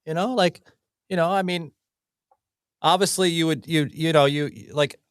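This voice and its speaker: A man's voice: a little high, moderate pace, clear, resonant tone, dry recording, clean studio sound. A man hosting a podcast, talking in a brash, teasing way and swearing casually. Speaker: podcast host. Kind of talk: casual chat.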